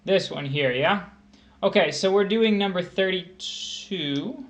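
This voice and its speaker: Young male tutor, a little high-voiced, casual livestream lesson, thinks out loud. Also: slow pace. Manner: conversational, thinks aloud with restarts and rereads. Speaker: test prep tutor.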